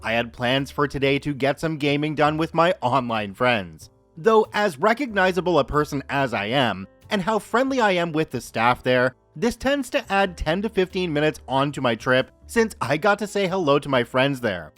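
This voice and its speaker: A man hosting a story podcast, reading listener posts aloud in a lively, expressive way. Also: a little high, normal speed, hardly any pauses, dry recording, faint music behind. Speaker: podcast host reading stories. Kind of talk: narrating Reddit stories.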